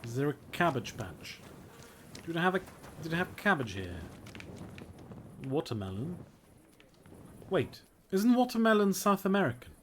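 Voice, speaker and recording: A man's voice: a little high, very animated, normal speed, pauses often, fairly bright tone, a little hiss or hum. A man streaming a video game, joking and laughing as he talks to himself. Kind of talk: casual game commentary.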